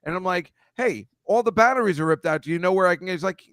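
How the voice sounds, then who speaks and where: A man's voice: sits high, fast, no echo. Rambling man. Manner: rambling, self-deprecating, speeds up when excited. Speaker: podcast guest. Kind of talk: casual chat.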